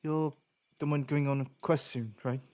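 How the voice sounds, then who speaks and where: A man's voice: fairly high pitch, fairly even intonation, moderate pace, a little mellow, lightly acted. A man voicing a confident young female demigod chess rival with a put-on English accent, talking cockily between fillers. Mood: boastful. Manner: cocky, hesitant fillers.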